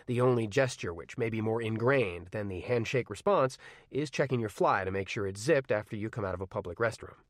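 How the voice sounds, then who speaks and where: A man narrating a novel in first person with measured, wry storytelling. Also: on the low side, no room sound, studio quality. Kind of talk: audiobook narration.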